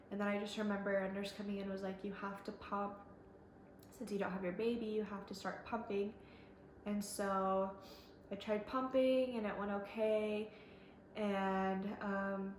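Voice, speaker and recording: A woman's voice: mid-range voice, a little hiss or hum. A young woman telling her own story in a casual, chatty way, full of likes and ums and quoting what others said. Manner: chatty, fillers, quotes others. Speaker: vlogger. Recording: echoey room with faint ambience.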